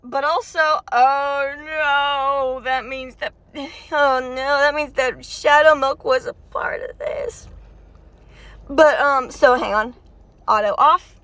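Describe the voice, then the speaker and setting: A woman talking excitedly to her viewers in rambling reaction commentary, recorded inside a car. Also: high-pitched, takes it slowly, no echo. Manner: excitable, chatty, talks straight to viewers with frequent restarts. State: tired and warm. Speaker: video creator reacting to a game story.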